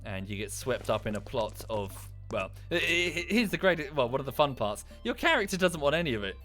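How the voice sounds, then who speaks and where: A British man talks through a gaming livestream in loose, enthusiastic rambles, dropping swear words as he goes. His voice sits at an ordinary middle pitch, recorded close on a desk mic with faint game music underneath. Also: big pitch swings, fairly quick, bright, forceful tone. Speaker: streamer. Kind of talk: casual livestream chat.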